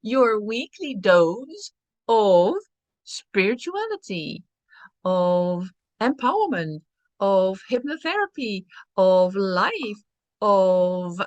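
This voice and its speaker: A woman co-hosting a casual spiritual chat show, speaking in a slow, drawn-out way and laughing often. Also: mid-range voice, sing-song, darkish tone, dry recording. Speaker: podcast co-host.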